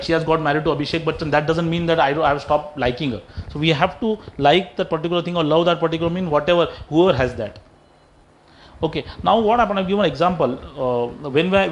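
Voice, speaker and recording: Indian English male speaker, anecdotal lecture style, quick, faint background noise. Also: on the high side, low-quality recording. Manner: storytelling, repeats and restarts phrases. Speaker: speaker at a health talk. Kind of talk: public talk with anecdotes. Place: lecture room.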